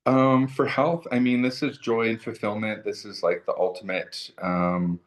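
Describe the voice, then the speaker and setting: A man's voice: fairly low pitch, steady tone, unhurried. A man co-hosting a casual tarot chat, agreeable and hesitant with many fillers. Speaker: tarot co-host.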